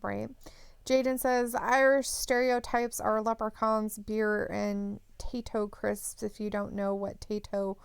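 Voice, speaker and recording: A woman's voice: medium pitch, little pitch movement, slow pace, creaky, clean tone, dry recording. A woman co-hosting a live stream in casual chat, laughing often as she reads viewer comments aloud.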